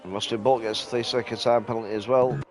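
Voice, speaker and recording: A man giving casual, relaxed commentary on a sim race from his sofa at home, sounding a bit sleepy. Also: medium pitch, fast talker, a little hiss or hum. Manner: relaxed, sleepy, yawning between calls.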